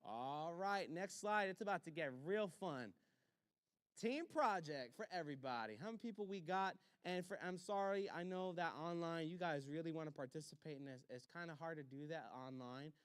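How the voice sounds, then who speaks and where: A man, a pastor, teaching a church leadership class with short, repeated commands and quick acted-out exchanges. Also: a little high, clear, resonant tone, dry recording, studio quality.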